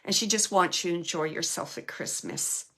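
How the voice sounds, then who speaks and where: A middle-aged woman with a bright, clear tone, talking her way through a psychic reading. She chats loosely and keeps passing along messages. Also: fairly low pitch, normal speed. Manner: chatty, relays spirit messages in quotes. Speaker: psychic medium. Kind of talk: live mediumship reading.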